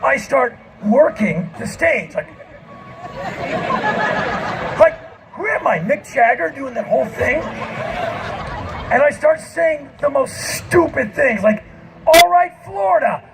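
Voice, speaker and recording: Male live storyteller on a festival stage; high, animated, shouts the punchlines. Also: a little slow, vocal fry, music in the background. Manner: animated, self-mocking, often shouting. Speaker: spoken-word performer.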